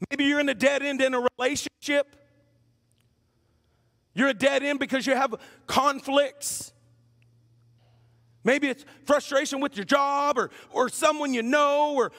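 Man, pastor, high voice, gravelly edge, joking sermon, long church reverb. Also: fairly bright tone. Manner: humorous, teasing the congregation. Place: church sanctuary.

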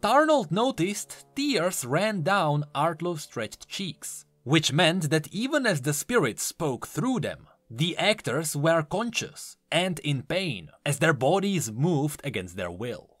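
Man narrating a creepy story, very lively up and down voice, faint music underneath. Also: on the high side, takes it slowly, few pauses, no room sound. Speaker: lore narrator.

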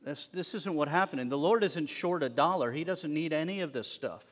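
A man preaching a sermon to his congregation, animated, swinging between loud emphasis and hushed asides. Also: a little high, brisk. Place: synagogue sanctuary. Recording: long reverb of a worship hall.

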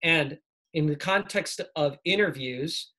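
A man teaching communication skills in a casual, energetic workshop, showing little tricks as he talks. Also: on the high side, takes it slowly. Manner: energetic, demonstrates tricks while talking. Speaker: speaking coach. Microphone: video call.

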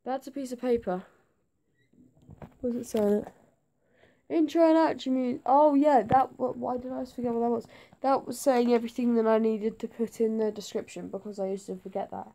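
Giggly hoarse teen girl. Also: fairly high pitch, fairly even intonation, fast talker, warm tone. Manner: scatterbrained, giggly and jumpy. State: voice going hoarse. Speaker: gaming vlogger. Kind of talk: rambling casual vlog to camera. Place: her bedroom.

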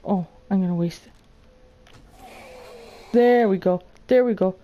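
A woman running a gaming channel does solo let's play commentary of a survival game, muttering to herself in a mid-range voice at a slow pace. Her chatter is jittery and frightened, punctuated by sudden panicked yelps. The audio is narrow and tinny.

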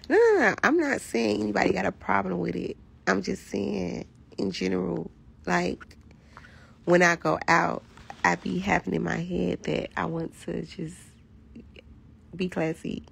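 A woman with a hoarse, raspy voice, chatting casually to viewers on a phone livestream in a candid, profane, rambling way. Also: lowish voice, little pitch movement, a little slow. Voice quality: raspy, gravelly voice.

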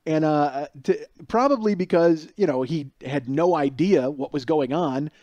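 A man's voice: on the high side, a little slow, darkish tone, no room sound, dull audio. A man in his forties, a podcast host, rambling through profane stories with many restarts and laughs. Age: 40s. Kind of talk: casual storytelling monologue.

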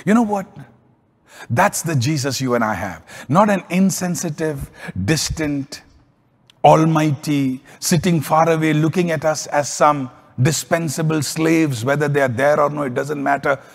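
A man preaching a sermon as a pastor, telling stories with lively swings in pitch and volume. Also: unhurried, creaky, in a large hall.

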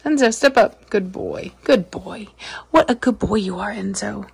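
A woman's voice: medium pitch, lively intonation, unhurried, creaky. A woman with a mid-range voice chats affectionately about her pet parrot at home, easy and amused. Faint household noise and small clicks are heard behind her. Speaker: pet owner. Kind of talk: casual home video chat.

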